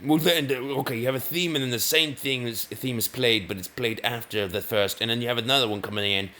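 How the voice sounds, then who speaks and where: A man's voice: mid-range voice, a little fast, bright, forceful tone, slight background noise. A man giving rambling commentary over gameplay, often correcting himself mid-sentence. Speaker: gaming video host.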